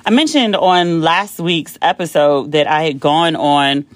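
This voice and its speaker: An American woman hosting a podcast, telling a long casual story in an animated way, swearing freely and acting out the voices of people she quotes. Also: low voice, a little slow, dry recording, studio quality. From United States. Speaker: podcast host.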